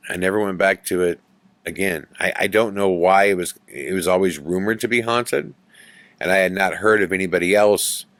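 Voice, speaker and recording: A man hosting a podcast, telling a ghost story in an animated way that builds suspense. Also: low voice, dry recording. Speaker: podcast host.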